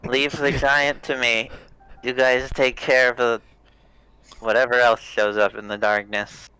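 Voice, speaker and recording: A man voicing a brash male warrior who boasts of killing giants, in a slow, boastful way, as a player in an online tabletop game. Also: mid-range voice, flat delivery, pushed and bright, smooth, no room sound, low-quality recording.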